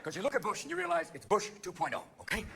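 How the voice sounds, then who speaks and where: A manic man performs stand-up on a stage, his high voice swinging wildly up and down as he leaps between characters. The live recording carries loud crowd laughter and a steady noisy bed behind him. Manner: manic, rapid-fire, constantly jumping into voices and impressions. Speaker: stand-up comedian. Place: theater stage before a live audience.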